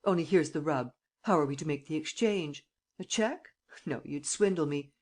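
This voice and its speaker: A woman reading an audiobook, voicing a suave, teasing male gentleman thief who gives brisk commands. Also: sits low.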